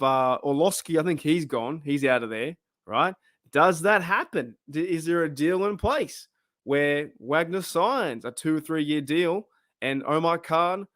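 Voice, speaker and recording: A man's voice: on the high side, fairly bright tone, no room sound, studio quality. A man with an Australian accent hosting his own fan channel, chatting casually and rambling as he asks viewers questions. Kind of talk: casual chat to camera.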